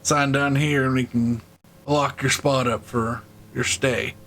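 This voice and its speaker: A portly red dragonborn dockmaster, as a man puts him on with a gruff, gravelly voice. He drawls his lines slowly and with folksy friendliness. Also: mid-range voice, fairly even intonation, a bit bright.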